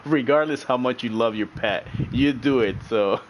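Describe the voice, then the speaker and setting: A man hosting a sim racing livestream, chatting loosely with his viewers and breaking into laughter often. His voice sits at an ordinary middle pitch, and he circles back and repeats phrases as he talks, over a faint hum of room ambience. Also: normal speed, low-quality recording. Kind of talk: casual stream chat with viewers.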